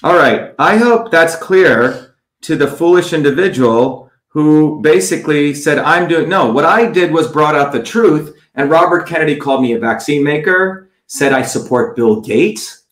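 A man with a fairly high voice rails at critics in a combative campaign livestream. He talks bluntly and with scorn, answering viewer comments one by one. The sound is roomy and echoey. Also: lively intonation, normal speed, a bit bright. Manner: blunt, scornful, repeats "okay?". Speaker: political candidate livestreaming.

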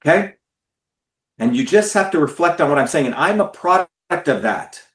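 A man's voice: fairly high pitch, lively intonation, moderate pace, fairly bright tone, reverberant. A man giving an impassioned, profane talk to his followers, stressing and repeating words. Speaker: political speaker.

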